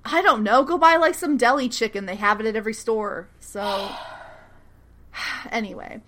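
Bright, lively woman recapping a show. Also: fairly high pitch, normal speed. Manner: animated, laughs often, acts out characters' lines while retelling. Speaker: podcast co-host recapping a TV series. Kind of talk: casual chat.

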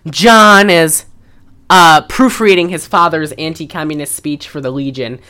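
In a deep voice at a measured pace, a woman co-hosting a podcast retells a film in casual conversation. Her telling is animated, full of laughter and free swearing.

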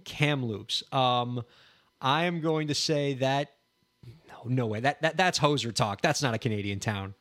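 Chill guy cohosting a podcast, mid-pitched, just talking things through. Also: a little slow, a bit bright. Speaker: podcast co-host. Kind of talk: casual podcast chat.

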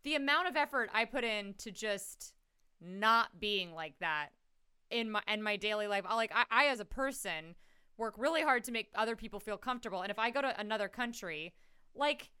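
A woman co-hosting a casual movie-review podcast, animated and laughing often, swearing casually. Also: on the high side, normal speed, clear, resonant tone. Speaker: podcast co-host.

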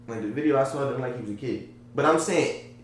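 A man in casual debate chat, talking in an animated, conversational way and often checking in with his listener. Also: mid-range voice, fast, a little hiss or hum. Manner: animated, conversational, often asks "you get what I'm saying?". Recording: very echoey room.

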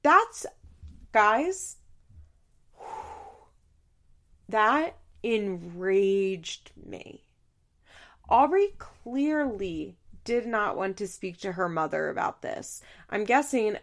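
A woman's voice: mid-range voice, sing-song, slow pace, fairly bright tone. A young woman giving heated, exasperated casual commentary, full of "like" fillers and swearing. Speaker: reality TV commentator.

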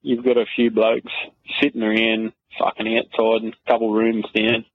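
A man's voice: lowish voice, monotone, moderate pace, no echo. A man with an Australian accent leaves a matter-of-fact voice message for a podcast. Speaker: listener sending a voice message. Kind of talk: recorded voice message. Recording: tinny phone recording.

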